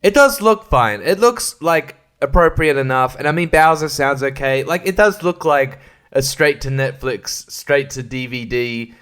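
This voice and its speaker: A man's voice: mid-range voice, measured pace, a bit bright, clean tone. A man hosting a solo podcast, rambling sarcastically, swearing a lot and laughing often. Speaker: podcast host.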